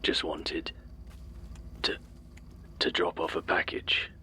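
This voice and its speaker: An actor playing a menacing male deliveryman creature in an audio drama, whispering clipped, flat threats. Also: very deep voice, takes it slowly, a little hiss or hum, exaggerated voice. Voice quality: whispery, gravelly.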